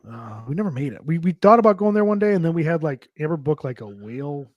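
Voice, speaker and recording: Fast-talking swearing man telling stories. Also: a little high, lively intonation, no room sound, muffled recording. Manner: rambling storyteller, swears a lot, acts out quotes. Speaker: podcast co-host. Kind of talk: casual podcast chat.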